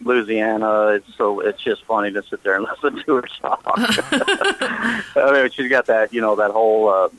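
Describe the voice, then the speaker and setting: A man rambles through crude stories as a podcast guest, laughing as he goes. His voice is bright and forward, and his pitch swings widely. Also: sing-song, normal speed, dry recording, rough recording. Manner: rambling, profane, laughs often. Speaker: interview guest. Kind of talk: casual chat.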